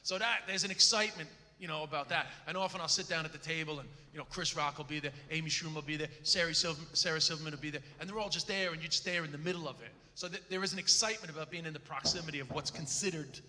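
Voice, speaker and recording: A man's voice: a little high, rapid-fire, few pauses. A man, a comedian, telling stories with lots of swearing at a live interview in front of an audience. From Ireland. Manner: swearing, storytelling, animated. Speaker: comedian guest. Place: large hall with live audience. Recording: echoey hall with audience.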